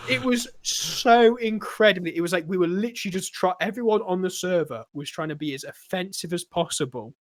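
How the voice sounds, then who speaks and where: A man's voice: high voice, brisk, few pauses, dry recording, clean studio sound. A man co-hosting a casual podcast chat. He tells stories animatedly, swears freely and laughs often. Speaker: podcast co-host.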